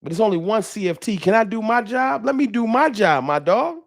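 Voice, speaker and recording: A man hosts a fan livestream with fiery, sermon-like trash talk. His voice sits a little high and swoops widely up and down. He breaks off now and then to read viewer chats aloud. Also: a little fast, vocal fry. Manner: animated, preachy trash talk. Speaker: sports fan show host.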